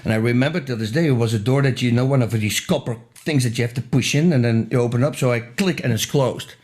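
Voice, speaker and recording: A middle-aged man telling a wild anecdote as a podcast guest. He talks in a lively way, laughing often and repeating words for emphasis. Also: mid-range voice, fast. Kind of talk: animated anecdote storytelling. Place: podcast studio. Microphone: studio microphone.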